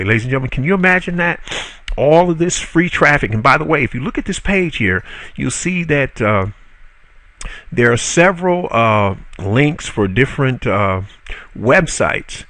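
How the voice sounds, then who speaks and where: A man's voice: mid-range voice, vocal fry, a bit bright, no room sound. A man teaching a marketing tutorial in a folksy, salesy way, acting out example dialogues with customers. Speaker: marketing instructor. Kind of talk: screen-recorded marketing tutorial.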